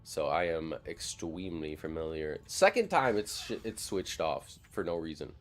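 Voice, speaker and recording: Rambling, profane young game streamer. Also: male voice, low-pitched, expressive, moderate pace, faint music behind. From Wisconsin, near Madison. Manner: rambling, profane, full of "like" fillers. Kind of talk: casual live-stream chat while gaming.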